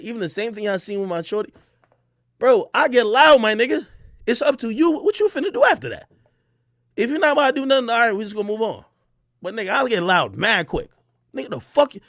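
Brief: trash-talking man, high voice, sharp bright tone, loud boastful rant in a dry room. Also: no room sound. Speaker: online personality. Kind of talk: ranting to camera.

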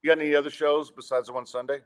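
A man hosting a podcast, chatting in a laid-back, rambling way with halting restarts. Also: on the high side, level tone. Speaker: podcast host. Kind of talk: casual podcast chat.

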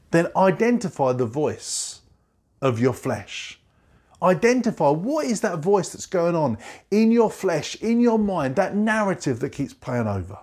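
A male pastor preaching a sermon, emphatic, repeating key phrases and slowing down low for scripture quotes. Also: darkish tone.

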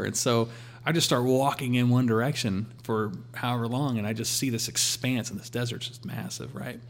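A man sharing a personal faith testimony in a relaxed conversational way, acting out his talks with God. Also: medium pitch, moderate pace. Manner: storytelling, quotes God in a calm voice.

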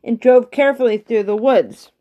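A woman with a slightly high voice reads a children's chapter book aloud at an unhurried pace. She gives each character's line only a light change and keeps to her own reading voice. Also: dark tone, lo-fi sound. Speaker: reader. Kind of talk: storybook read-aloud.

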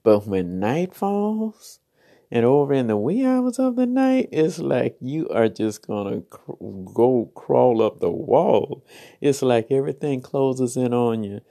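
Woman host, late-night devotional talk, mellow and drowsy, tender and rambling. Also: extremely low pitch, big pitch swings, slow pace. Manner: tender, affectionate, rambling with repeated "oh, yes". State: half sleepy. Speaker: podcast host and spiritual encourager.

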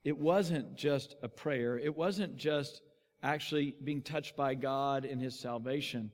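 A man's voice: a little high, steady tone, slow pace. A man preaching a sermon, telling a story with animation and acting out the quotes. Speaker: pastor. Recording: long hall reverb.

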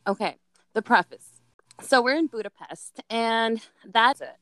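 A young woman with a slightly high voice tells a story in lively casual chat. She swears freely and pokes fun at herself. The sound is dry and close. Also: a little slow, dry recording, poor audio. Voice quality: animated, swearing, self-mocking.

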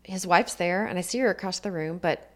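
A woman's voice: on the low side, brisk. A woman earnestly telling a personal story in conversation, acting out what others said along the way. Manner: earnest, reflective storytelling with quoted dialogue. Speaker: guest telling her life story.

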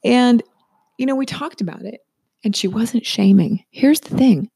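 A woman's voice: on the high side, measured pace, creaky, dark tone, breathy edge, no room sound, clean studio sound. A middle-aged woman telling a personal story in a chatty monologue to listeners, often checking in with "right?".

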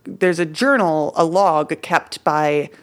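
A woman with a fairly low voice, co-hosting a laid-back history podcast. She tells her story loosely and chattily, with lots of "like" and "uh" and the odd bit of slang. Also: takes it slowly. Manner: casual, full of fillers like "like" and "uh", playful slang. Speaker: podcast co-host presenting history research. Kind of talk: casual history podcast chat.

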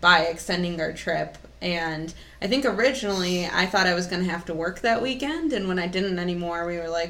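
A young woman co-hosting a casual podcast, relaxed and laughing easily, with fillers and repeats. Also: on the low side, fairly quick, few pauses. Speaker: podcast co-host.

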